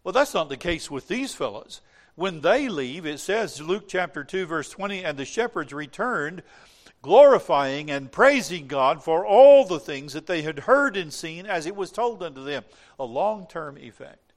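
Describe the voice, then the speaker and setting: A man preaching a sermon, swinging between hushed, slow reflection and loud, dramatic cries. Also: a little high, sing-song.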